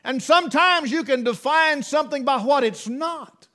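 Folksy high-voiced preacher man. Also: moderate pace, pushed and bright. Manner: folksy storytelling with rural dialect. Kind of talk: sermon.

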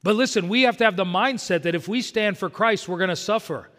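An American pastor with a fairly high, slightly bright voice gives an earnest sermon at a slightly quick pace, leaning hard on the scripture he quotes. The church sanctuary leaves a long reverb trailing his words.

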